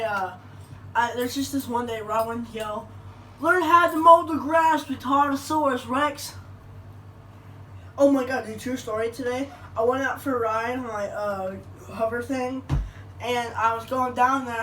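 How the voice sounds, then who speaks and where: A woman's voice: fairly high pitch, fairly even intonation, normal speed. A woman telling a casual story in a crude, joking way. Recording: echoey room from a distance with faint noise.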